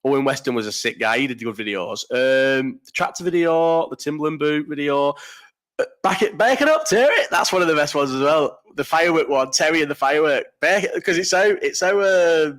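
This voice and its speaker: A man's voice: a little high, animated, a little fast, a bit bright. A young man hosting a casual live chat, blunt and rambling, swearing freely and restarting his sentences. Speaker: live stream host.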